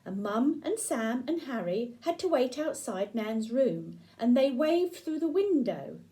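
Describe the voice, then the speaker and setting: In a low-quality recording, a grandmother who tells stories reads a picture book to children, engaging them with questions and pointing to the pictures. Her voice is a little high, sing-song, and dark in tone, and she goes a little slowly.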